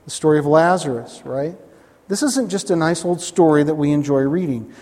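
A male pastor delivers a conversational sermon, often pausing to check in with his listeners. His voice sits a bit high for a man. The sound hangs in a long reverb, as in a large hall. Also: dark tone. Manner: conversational preaching with frequent "right?" asides.

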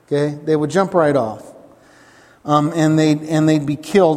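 Man, preacher, slightly high voice, emphatic sermon delivery with repeated lines and questions to the congregation, long hall reverb. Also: steady tone, measured pace, long pauses, darkish tone. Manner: emphatic, repeats key phrases, asks the listeners questions.

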